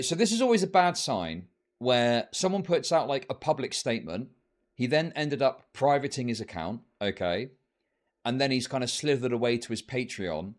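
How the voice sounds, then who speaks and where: A man giving scornful, rambling commentary on a live stream. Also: on the low side.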